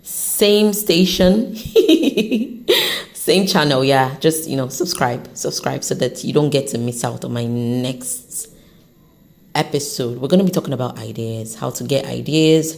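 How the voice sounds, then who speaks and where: A woman hosting an unscripted motivational podcast, talking off the cuff in an encouraging, animated way, with an accent she says shifts as she goes. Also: very deep voice, moderate pace, gravelly. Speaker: podcast host.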